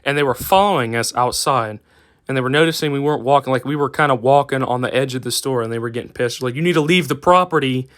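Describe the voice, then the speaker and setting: A man's voice: medium pitch, steady tone, fast talker. A young adult man telling a storytime anecdote in a casual, rambling way, swearing freely. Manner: loose, profane, rambling.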